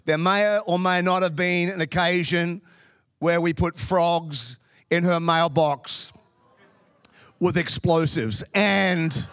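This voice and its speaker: A man's voice: sits high, a bit bright, no room sound, studio quality. A middle-aged Australian man preaching a sermon through humorous, self-deprecating stories from his youth. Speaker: pastor. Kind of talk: storytelling sermon.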